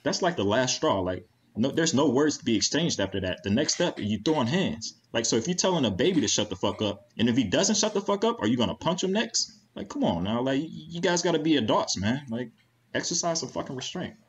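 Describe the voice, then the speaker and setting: A man's voice: medium pitch, very animated, brisk, a little hiss or hum. A man on a comedy panel arguing in an incredulous, lecturing way. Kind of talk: casual comedic debate.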